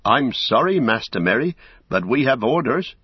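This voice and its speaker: A man voicing an old, flustered male hobbit gatekeeper in an audiobook, high and fussy. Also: sing-song, moderate pace, breathy edge, dry recording, highs cut off.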